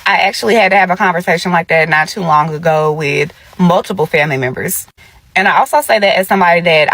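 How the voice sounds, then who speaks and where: A woman who was a foster care social worker, giving earnest, measured reaction commentary. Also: low-pitched, a bit bright, dry recording.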